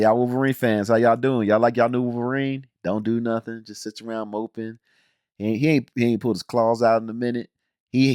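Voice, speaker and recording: A man reviewing a show in an animated, exasperated rant, blunt and full of slang. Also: fairly low pitch, dry recording, clean studio sound. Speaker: video reviewer.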